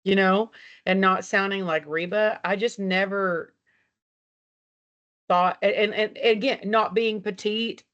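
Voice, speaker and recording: A chatty woman from Texas tells stories on a call, laughing easily, swearing now and then and acting out both sides of conversations. Her voice sits in an ordinary middle pitch. The sound is dull and lo-fi, like laptop audio heard from home. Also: steady tone, measured pace, long pauses, fairly bright tone. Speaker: country singer, guest. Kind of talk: casual interview storytelling. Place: at home, walking around the house. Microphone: video call from a laptop.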